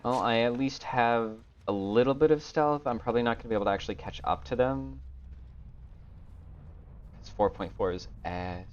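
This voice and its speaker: A man streaming a game, talking to himself in a low-energy, grumbling way and swearing often. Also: normal speed, a little hiss or hum. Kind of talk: casual gameplay commentary. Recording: dull lo-fi stream audio.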